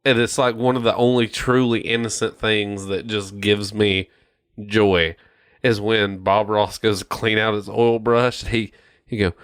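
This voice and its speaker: A man's voice: on the low side, level tone, unhurried, a bit bright, smooth. A man co-hosting a gaming podcast, talking casually with a lot of swearing and frequent laughter. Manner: profane, emphatic, laughs often. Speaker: podcast co-host. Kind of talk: casual chat.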